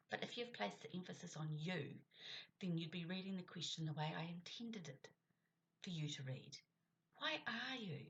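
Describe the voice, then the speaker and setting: A woman's voice: deep voice, a little hiss or hum. A middle-aged woman, a speech coach chatting casually in her vlog and leaning on stressed words to show tone. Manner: chatty, demonstrates stressed words with rising emphasis. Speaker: speech and communication coach and author.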